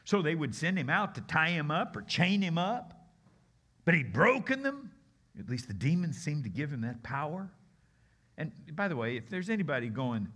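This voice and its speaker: A male guest preacher delivers a sermon with real storytelling flair and acts out each character along the way. His voice is slightly husky but bright and forceful, and it sits a little higher than most men's. He jumps from big, loud exclamations to quiet, slow asides. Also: sing-song.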